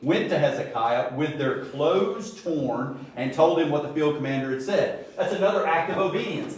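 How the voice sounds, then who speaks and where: A middle-aged man teaches a Bible study in a relaxed, talky way, with jokes and acted-out little scenes. His voice sits a little high. He sounds distant from the mic, in a very echoey room. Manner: conversational, joking asides, acts out little scenes. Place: church room.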